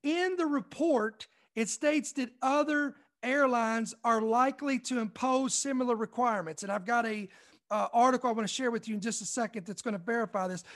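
Kentucky-raised male commentator, young, emphatic, reads news and stresses key lines slowly. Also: extremely high pitch, a bit bright. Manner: emphatic, repeats points slowly for effect. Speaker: online commentary host.

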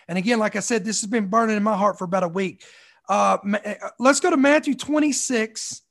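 A man's voice: sits high, a little fast, fairly bright tone. A man preaching a sermon, reading scripture aloud and stopping to repeat and stress key lines.

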